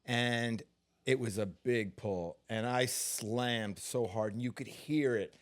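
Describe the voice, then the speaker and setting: A man, a stuntman guest, telling stories in a relaxed interview, unhurried and full of fillers and restarts. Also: medium pitch.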